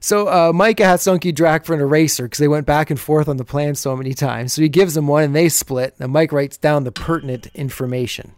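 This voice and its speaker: A man's voice: a little high, steady tone, a little fast, few pauses, darkish tone, slight background noise. A man hosting a podcast, casually recapping an old TV episode and chuckling as he retells the scenes.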